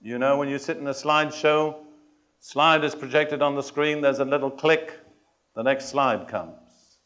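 A man preaching a sermon to a congregation. He speaks in a measured, emphatic way, puts questions and challenges to his listeners, and adds touches of dry humor. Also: medium pitch, fairly bright tone. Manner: addresses and challenges the congregation directly.

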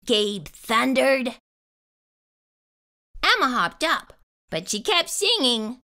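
Animated woman reading a storybook. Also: high voice, takes it slowly, long pauses. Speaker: children's book reader. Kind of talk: storybook read-aloud.

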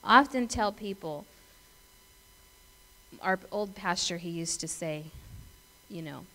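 A woman's voice: fairly low pitch, slow pace, pushed and bright, poor audio. A middle-aged woman pastor giving a conversational sermon, telling stories, laughing and asking her congregation questions. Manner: chatty storytelling, asks the congregation questions.

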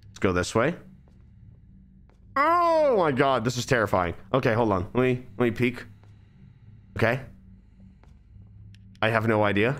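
A man's voice: lowish voice, fairly even intonation, normal speed, long pauses, a bit bright. A man giving live, nervous, rambling commentary while streaming a game.

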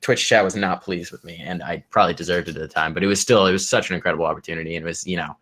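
A man's voice: low-pitched, steady tone, racing, a bit bright. A man co-hosting an esports podcast from home, talking casually and thoughtfully, with many fillers and restarts. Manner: rambling, thoughtful, lots of fillers. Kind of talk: casual chat. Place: home room with air conditioner.

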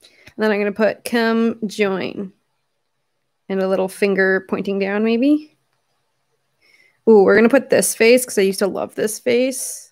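A woman's voice: medium pitch, steady tone, moderate pace, darkish tone. A young woman hosting her own livestream, chatting casually and rambling with frequent fillers and laughs.

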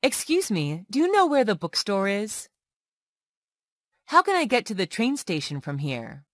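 A woman reading example phrases one by one for English learners, slowly and with clear enunciation. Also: medium pitch, huge pitch swings, a bit bright, no echo, clean studio sound. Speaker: English tutor.

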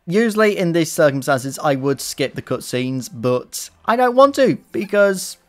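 A man doing sarcastic, profane, excitable commentary while playing a video game, recorded into a desk microphone. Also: fairly high pitch, takes it slowly. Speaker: let's play commentator.

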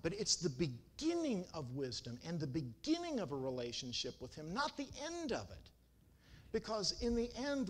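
A man preaching a sermon in a church, telling stories with dramatic swings in pitch and volume. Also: fairly bright tone.

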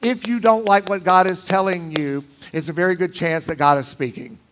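A pastor preaching in a church, emphatic, with dramatic swings between loud lines and hushed ones. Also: male voice, sits high, fairly even intonation, normal speed, slight background noise. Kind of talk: sermon. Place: church sanctuary.

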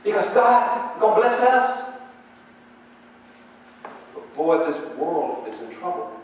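Preacher in an echoey hall. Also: male voice, fairly high pitch, sing-song, takes it slowly, distant mic, slight background noise. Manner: rising to emphatic calls for response; conversational storytelling. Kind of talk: sermon. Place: church sanctuary.

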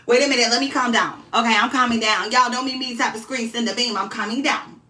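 A woman livestreaming, telling her story in a brash, profane, animated way. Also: fairly high pitch, a little fast, hardly any pauses, far from the mic, slight background noise. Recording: roomy sound from off the mic.

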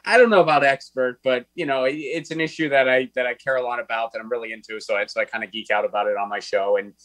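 Male co-host, casual and jokey, mid pitch, dry close sound. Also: steady tone, fast talker, fairly bright tone, dry recording, rough recording. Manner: jokey, puts on mock voices in bits. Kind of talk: casual chat on a video call.

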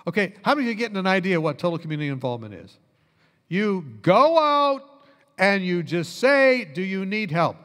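A man preaching a sermon as a pastor, telling stories in an animated way and dropping low and quiet when he quotes people. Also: fast, few pauses. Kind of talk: sermon storytelling. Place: church hall. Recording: long church reverb.

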